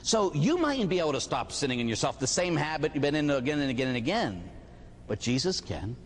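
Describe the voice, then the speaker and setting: A man who is a Catholic priest, giving an animated sermon with rhetorical questions and little stories. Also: a little high, brisk, a little hiss or hum. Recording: hall reverb.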